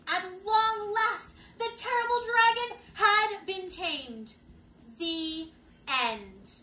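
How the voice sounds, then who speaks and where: Storytime reader, woman: very high, bright, lively read-aloud with playful asides; echoey room. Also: extremely slow, a little hiss or hum. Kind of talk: reading a picture book aloud to children.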